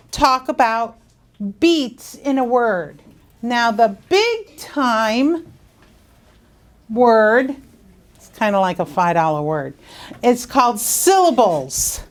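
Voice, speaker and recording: A woman teaching young students phonics in a school classroom, drawing words out slowly and asking coaxing questions. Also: on the high side, lively intonation. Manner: slow, drawn-out, coaxing questions.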